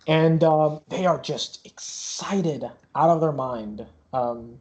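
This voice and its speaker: A man's voice: a little high, slow, darkish tone. Young man running a tabletop game. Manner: rambling, many fillers and restarts. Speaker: game master.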